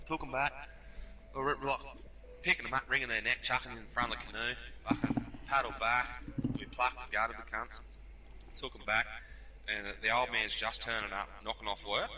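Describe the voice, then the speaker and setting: An Australian man spins rowdy, swear-laden yarns in a very bright, sharp voice. He sits a little back from the mic, and faint noise hums under the recording. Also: mid-range voice, far from the mic. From New South Wales, Australia. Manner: profane, animated, laughs while telling stories. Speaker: podcast storyteller. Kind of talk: casual anecdote telling.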